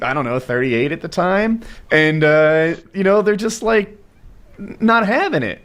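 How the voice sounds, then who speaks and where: A man, co-hosting a podcast and telling stories in a lively way with plenty of swearing. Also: on the high side, unhurried. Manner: animated storyteller, swears. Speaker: podcast co-host. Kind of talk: casual chat.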